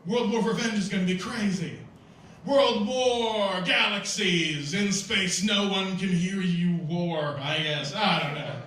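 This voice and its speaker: A man doing a live stand-up comedy set with a rambling, absurd, excitable delivery. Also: sits high, slow pace. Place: live comedy festival stage. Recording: echoey live venue, heard from a distance.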